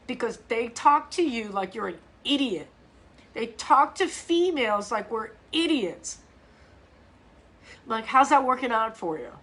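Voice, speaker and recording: A middle-aged woman, a fitness coach, chatting casually on a live stream in a blunt, profane and animated way, with lots of restarts. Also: on the high side.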